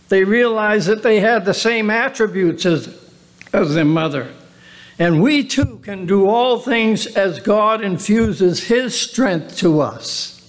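A man preaches a sermon in a high voice. He speaks slowly and earnestly, drawing out his words and putting questions to the congregation. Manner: earnest, slow, drawn-out preaching with rhetorical questions. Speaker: pastor.

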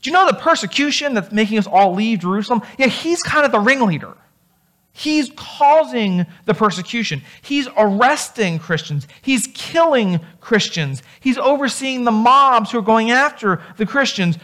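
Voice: mid-range voice, lively intonation, normal speed, a bit bright, lightly acted. A preacher voicing a nervous disciple who pleads and questions God's plan in disbelief. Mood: anxious doubt. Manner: incredulous, pleading.

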